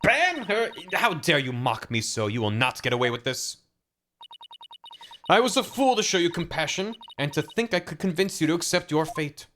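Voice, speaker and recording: Man putting on a haughty princess priestess, icy scolding voice, raised pitch. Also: very animated, moderate pace, fairly bright tone, a little hiss or hum. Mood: scornful. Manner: imperious, cold, scolding.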